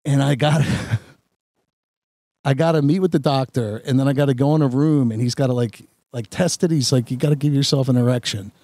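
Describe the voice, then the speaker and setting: A man on a podcast, telling a long story in a rambling, animated way with many restarts. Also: medium pitch, moderate pace, no echo, clean studio sound. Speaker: podcast host. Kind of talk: casual storytelling chat.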